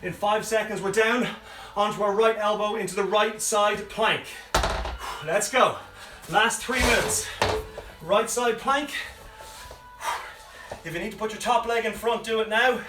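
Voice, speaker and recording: A man's voice: sits high, unhurried, background noise. A man coaching a home workout, out of breath as he counts down reps and gives encouraging cues. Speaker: fitness coach. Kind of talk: live workout instruction with counting. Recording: roomy sound from a distant mic with faint music behind.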